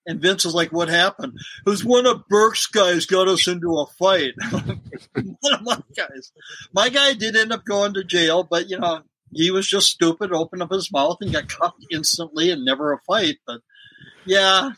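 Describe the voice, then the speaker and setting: A man's voice: sits high, moderate pace, bright, forceful tone, no echo, low-quality recording. A middle-aged man, a former wrestler, telling road stories in a casual interview and laughing often. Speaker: guest, former pro wrestler.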